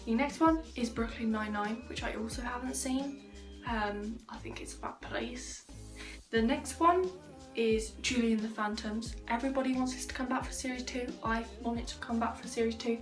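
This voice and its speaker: A woman's voice: a little high, fairly quick. A young woman chatting casually to camera, rambling with many fillers and joking asides. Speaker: vlogger. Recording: roomy sound from a distant mic, faint music behind.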